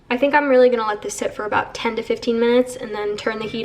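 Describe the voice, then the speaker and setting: A woman's voice: a little high, fairly even intonation, quick pace, hardly any pauses, a little hiss or hum. A young woman vlogging casually at home, chatty and playful as she shows things to the camera. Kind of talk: casual vlog chat. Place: home, indoors.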